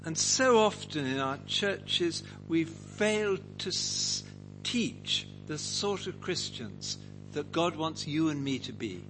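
A man's voice: a little high, animated, slow, background noise. A man teaching a Bible passage to a group, asking them questions and acting out quotes. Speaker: preacher leading a Bible study.

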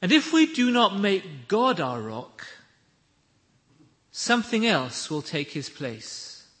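Slow, lively-voiced preacher in a reverberant hall. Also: male voice, high-pitched. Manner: measured, emphatic preaching with slow deliberate pauses. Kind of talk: sermon.

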